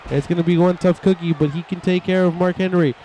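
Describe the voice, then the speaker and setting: A man giving excitable play-by-play commentary over a wrestling video game and voicing the wrestlers' thoughts in quick asides. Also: sits high, a little hiss or hum. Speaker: gameplay commentator.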